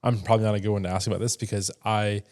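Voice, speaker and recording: Easygoing man, lowish voice, chatty. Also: racing. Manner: relaxed, chatty, says "dude" and "like" a lot. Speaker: podcast co-host. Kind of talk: casual chat.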